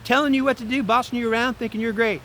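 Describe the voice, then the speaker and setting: A man's voice: very high voice, fairly even intonation, fast talker, bright, forceful tone, slight background noise, voice pushed up. A man voicing a bossy, gloating grown woman who speaks in a mock-sweet, condescending way. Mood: mocking sweetness.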